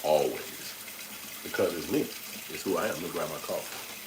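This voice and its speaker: A man's voice: rumbling low, normal speed, background noise. A middle-aged man hosting a casual live stream, talking loosely and profanely, laughing often as he reads chat. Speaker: channel host reading live chat.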